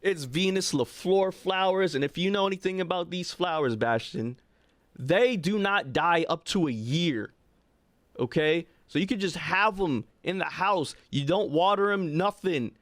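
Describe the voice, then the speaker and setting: A young man, co-hosting a podcast and telling a long personal story in a loose, animated way, often checking in with his co-host. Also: high voice, a little slow, dry recording. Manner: animated, chatty, frequent "right?" asides to his co-host. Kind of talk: casual storytelling chat.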